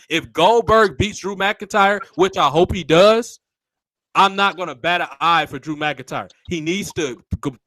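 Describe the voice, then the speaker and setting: A man's voice: on the high side, fairly bright tone, no room sound. A man hosting a casual wrestling talk show, speaking bluntly and swearing freely. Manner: blunt and profane. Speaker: podcast host.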